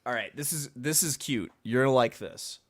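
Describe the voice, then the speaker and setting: A man's voice: medium pitch, unhurried, dry recording. A man co-hosting a casual sports betting podcast, joking and quizzing his co-host as he reads out his picks.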